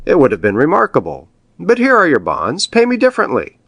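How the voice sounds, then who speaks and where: A cool, wealthy count speaks with polite, measured irony, as a man reads him. His voice moves lively in pitch, recorded dry and close. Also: husky, no echo, full character voice. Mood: composed.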